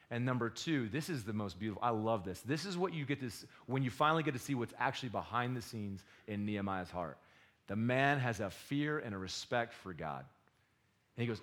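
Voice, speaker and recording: Male preacher, sermon, animated delivery, sudden loud rises, quiet asides. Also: medium pitch, moderate pace. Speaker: pastor.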